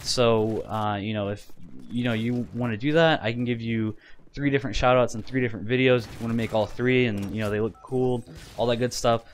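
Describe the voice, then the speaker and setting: A gaming YouTuber in his twenties rambles casually to viewers over gameplay, full of fillers and restarts and frequent laughter. His mid-range voice is fairly quick with fairly even intonation, and there's slight background noise.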